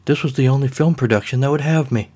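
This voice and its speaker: A man's voice: mid-range voice, fast, dark tone, slightly rough, pitched above the performer's own voice, lightly acted. A man voicing a frazzled, self-pitying male film director in a comedic audio story.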